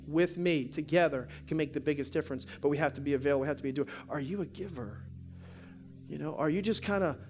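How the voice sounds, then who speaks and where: A man preaching a sermon, telling a story with jokes before dropping to a soft, prayerful tone. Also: on the high side. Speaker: pastor. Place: church sanctuary.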